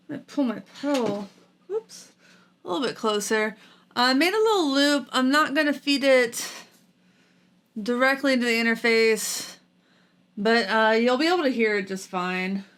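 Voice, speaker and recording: Chatty self-deprecating woman, slightly high. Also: a bit bright. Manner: chatty, self-deprecating, giggly, many fillers. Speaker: guitar gear vlogger. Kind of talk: casual chat while practicing.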